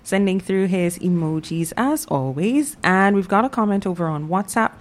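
A woman hosting a call-in radio talk show, who greets callers briskly and reads out listener comments. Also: medium pitch, lively intonation.

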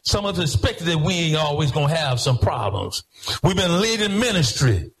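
A pastor preaching a sermon in church, rhythmic, swinging between half-sung phrases and shouted lines. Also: male voice, a little high, big pitch swings, moderate pace, vocal fry, poor audio.

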